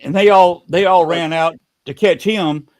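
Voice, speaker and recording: A man hosting a podcast, telling a story in a casual, halting way and often repeating words. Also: a little high.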